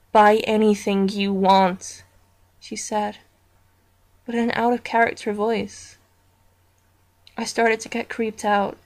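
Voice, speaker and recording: A woman reading a horror story aloud as narrator, in a slow, deliberate storytelling manner. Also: fairly high pitch.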